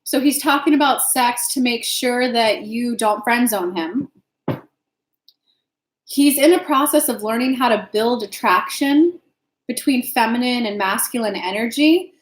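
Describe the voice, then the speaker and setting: A woman's voice: a little high, unhurried, echoey room, poor audio. A woman hosting a live stream as an intuitive reader, giving frank, casual advice and answering viewers' questions by name, swearing now and then.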